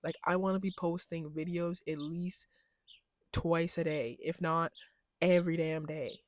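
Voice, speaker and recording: Expressive young woman, slangy storytime chatter. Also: deep voice, unhurried, no room sound, clean studio sound. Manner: animated, swings into loud mock voices when quoting people; slangy, expressive, laughs often. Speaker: vlogger. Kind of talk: casual storytime chat.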